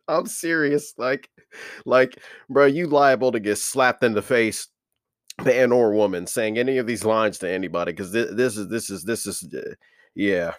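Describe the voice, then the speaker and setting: A man's voice: lowish voice, normal speed, no echo, clean studio sound. A man hosting a casual comedy podcast, loose and slangy, laughing so hard he is in tears as he talks. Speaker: podcast host.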